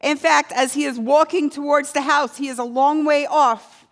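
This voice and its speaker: A woman preaching a sermon, telling a story slowly and letting key words fall low and quiet. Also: steady tone.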